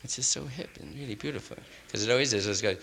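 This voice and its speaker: A man riffing loosely in hip slang, often ending lines with "man" and slipping into quick impressions of others. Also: medium pitch, creaky, a bit bright, long reverb tail. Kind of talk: loose hipster riffing monologue.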